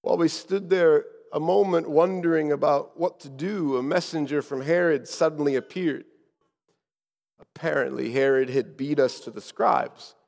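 A man preaching a sermon as a first-person story, told dramatically and often dropping to hushed tones. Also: on the high side, vocal fry, big-room sound.

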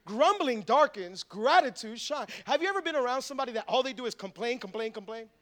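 High-voiced joking pastor preaching. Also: male voice, animated, fast talker, fairly bright tone. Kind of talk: sermon.

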